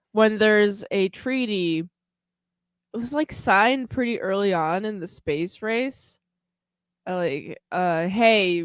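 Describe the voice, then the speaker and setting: A woman's voice: mid-range voice, smooth, no echo. A woman co-hosting a podcast in casual chat, rambling and hedging with lots of filler words. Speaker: podcast co-host.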